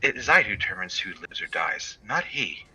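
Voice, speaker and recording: A man voicing a female death goddess with a breathy, whispery, imperious delivery. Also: deep voice, very animated, moderate pace, pushed and bright, exaggerated voice, low-quality recording. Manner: cold, imperious.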